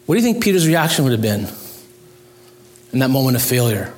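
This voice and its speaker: A man's voice: medium pitch, sing-song, fairly quick, long pauses. A male pastor preaching a sermon in an earnest, pleading manner, his voice rising when he stresses a point.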